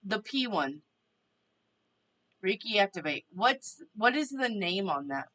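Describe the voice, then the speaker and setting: A woman's voice: mid-range voice, sing-song, takes it slowly, a bit bright, low-quality recording. A woman hosting a casual live stream, chatting to viewers and reading their questions aloud. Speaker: tarot reader and live stream host.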